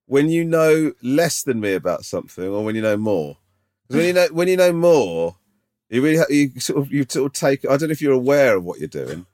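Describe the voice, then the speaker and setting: A man's voice: medium pitch, very animated, a little fast, darkish tone. A man co-hosting a podcast, teasing his friend in dry, sarcastic casual chat. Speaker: podcast co-host.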